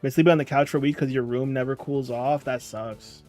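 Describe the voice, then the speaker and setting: A man's voice: medium pitch, steady tone, a little fast, darkish tone. A tired young man chatting casually on a livestream, reading chat and rambling along. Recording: music playing faintly behind. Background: faint background music.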